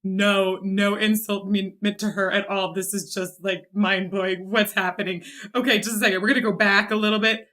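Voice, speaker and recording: A woman reacting to a song as a vocal coach, excited and amazed. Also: medium pitch, normal speed, few pauses. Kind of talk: music reaction commentary.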